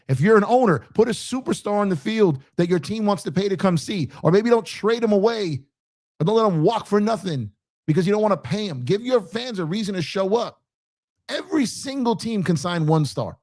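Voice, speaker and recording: This man's voice sits high with a darkish tone. He runs a sports show, ranting as an amped-up fan, saying things over and over for emphasis, jabbing at rival fans, and reading out super chats from viewers.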